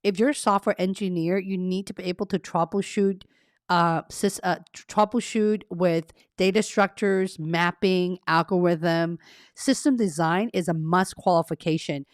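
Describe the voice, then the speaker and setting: A woman's voice: lowish voice, fairly even intonation, moderate pace, no room sound, clean studio sound. Chatty woman career coach on a live stream. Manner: chatty, laughs at herself, reads viewer comments aloud. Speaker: career coach and livestream host. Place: carpeted home room treated to cut echo.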